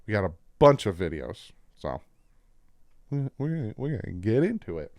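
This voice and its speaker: Low-voiced New Jersey man. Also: normal speed, no room sound. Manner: excited, play-by-play explaining. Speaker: sports commentator. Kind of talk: casual football breakdown over video clips.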